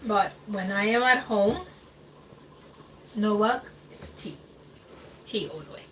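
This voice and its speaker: Taking her time, a woman with a fairly bright, medium-pitched voice and lively intonation chats through a cooking livestream in her home kitchen. She rambles, laughs a lot, and leans on hesitant fillers, and the distant mic lets in faint background noise.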